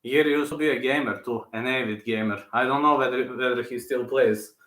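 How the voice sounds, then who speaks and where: A man chatting casually on a live stream, answering viewers and circling back to repeat his points. His voice is bright and forward. The room adds a noticeable echo. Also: mid-range voice, steady tone, fairly quick. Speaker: channel host. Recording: roomy echo.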